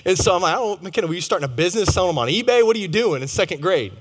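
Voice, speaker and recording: Male pastor in his thirties, casual storytelling sermon, slightly high voice, echoing chapel. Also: expressive, rapid-fire, fairly bright tone, breathy edge. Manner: conversational and humorous, addresses audience directly. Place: large chapel. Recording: long hall reverb.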